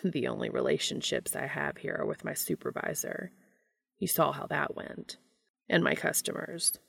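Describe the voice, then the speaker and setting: A woman voicing a soft-spoken lonely man. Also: sits low, lively intonation, normal speed, vocal fry, full character voice. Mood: subdued. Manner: soft, quiet and subdued. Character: gentle, earnest, lonely adult man.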